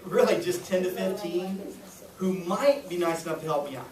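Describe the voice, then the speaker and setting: A man's voice: high voice, normal speed, recorded from a distance, a crowd in the background. A man running a sales training session for a group, jokey and always checking in with the room. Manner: jokey, keeps checking in with "right?". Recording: echoey room recorded from afar, faint noise.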